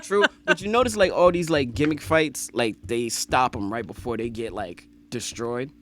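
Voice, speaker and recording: A man's voice: mid-range voice, animated, normal speed, fairly bright tone. A man co-hosting a podcast, trading loose, slangy, joking banter. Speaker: podcast co-host. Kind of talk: casual banter.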